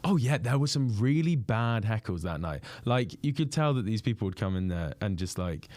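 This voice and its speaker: Animated young man telling stories. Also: on the low side, no room sound. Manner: animated, quick anecdotes with many restarts. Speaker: podcast guest and impressionist. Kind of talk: casual storytelling.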